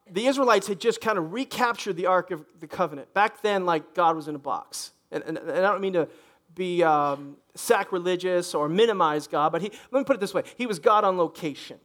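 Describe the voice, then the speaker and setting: A middle-aged man, a pastor, preaching a sermon in a church in an animated, conversational way, often restarting his sentences and speaking directly to the congregation. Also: sits high.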